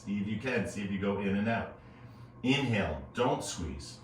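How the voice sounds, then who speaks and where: A man teaching a yoga class, calmly cueing breaths and movements with casual asides. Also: lowish voice, normal speed, recorded from a distance, slight background noise. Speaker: yoga instructor. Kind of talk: guided yoga class instruction. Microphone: earbuds. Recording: very echoey room, voice off-mic.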